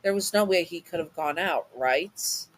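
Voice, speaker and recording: A woman's voice: fairly low pitch, moderate pace, slight background noise, poor audio. Woman reading a you-style fan story, chatty, trips over words a lot. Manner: casual, stumbling over words. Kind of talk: second-person fan story narration.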